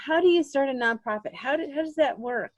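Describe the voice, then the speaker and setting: A woman hosting a podcast, asking an interview guest questions in an encouraging, unhurried way. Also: high-pitched, lively intonation, no echo. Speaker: podcast host.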